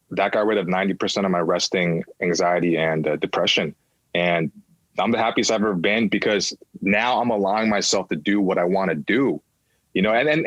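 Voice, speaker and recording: A man's voice: sits low, a bit bright, dry recording, dull audio. A man in his thirties, a podcast guest, telling his personal story candidly, swearing freely and acting out voices of people in it.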